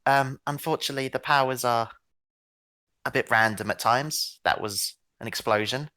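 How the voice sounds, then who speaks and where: A game master putting on an excitable woman scholar. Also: normal speed, close to an everyday voice. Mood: cheery. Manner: gushing, high-pitched exclamations. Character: excitable female scholar, eager and chatty. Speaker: non-player character.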